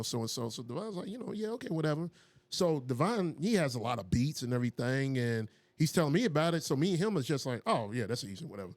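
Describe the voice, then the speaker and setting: Laid-back man telling a story, dry sound. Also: dry recording. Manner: animated, acts out quotes with raised pitch. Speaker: music producer and DJ, interview guest. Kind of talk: casual storytelling in an interview.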